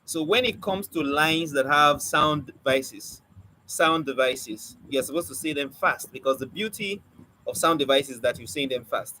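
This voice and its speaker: An animated man teaches spoken word poetry in quick bursts, speaking with a stammer. His voice sits a little high for a man. Faint background noise hangs behind him. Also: low-quality recording. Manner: animated teacher, asks the class questions and drills points by repeating them. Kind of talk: live online class lecture.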